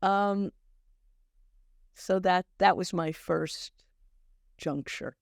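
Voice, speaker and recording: Older woman telling lively anecdotes. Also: lowish voice, gravelly, dry recording, studio quality. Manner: animated, halting restarts, acts out dialogue in stories. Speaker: acting teacher, podcast guest. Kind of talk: anecdotal storytelling in conversation.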